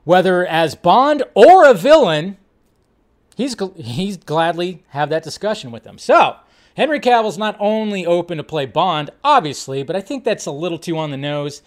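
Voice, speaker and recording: Animated man hosting a film livestream. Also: high voice, moderate pace. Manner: animated, swears often, loud bursts. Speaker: host. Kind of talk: casual livestream chat.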